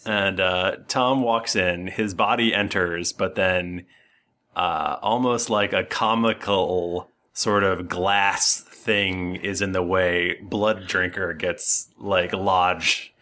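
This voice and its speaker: A man narrating as game master, halting and full of fillers and restarts. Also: low voice, steady tone, bright, forceful tone.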